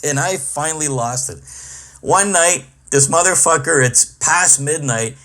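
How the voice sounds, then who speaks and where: A middle-aged man rants through a comic podcast monologue, swearing freely and sounding exasperated. His voice sits a little above the usual male pitch. He tells the story in a loose, conversational way, full of asides. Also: measured pace, bright, forceful tone. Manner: profane, exasperated ranting. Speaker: podcast host and comedian.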